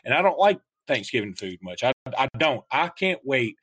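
A man's voice: medium pitch, very animated, normal speed, fairly bright tone, breathy edge, no room sound. A man hosting a podcast, rambling in a wry, casual way about betting, travel and holidays. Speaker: podcast host. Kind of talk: casual chat.

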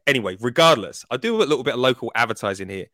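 Bright-voiced podcast host. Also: male voice, medium pitch, very fast, dry recording, clean studio sound. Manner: animated, mock-boastful. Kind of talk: casual podcast chat.

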